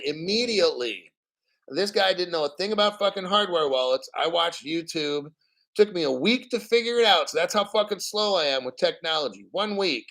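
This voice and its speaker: A man's voice: a little high, fairly bright tone. Blunt, profane man ranting on a livestream. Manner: mocking put-on quotes. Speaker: crypto channel host. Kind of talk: casual livestream rant.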